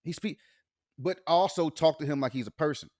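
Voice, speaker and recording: Young male co-host, animated storyteller who laughs easily, high-side voice, dry close mic. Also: fairly quick, no room sound. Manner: laughs often, animated storytelling with acted-out dialogue. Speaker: podcast co-host. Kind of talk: casual chat.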